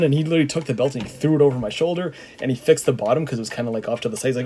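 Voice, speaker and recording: A slightly hoarse man telling a story in a casual, rambling way, with many "like" fillers. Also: mid-range voice, very fast, hardly any pauses, mellow, slight background noise. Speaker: vlogger.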